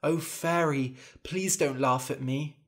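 A man doing a gentle doting king. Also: a little high, fairly even intonation, slow. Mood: pleading. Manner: gentle and pleading. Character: soft-hearted doting king father.

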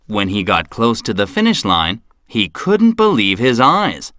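A man narrating a children's storybook, slow and clear for young listeners. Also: on the low side, wildly swooping pitch, sharp tone, no room sound, clean studio sound.

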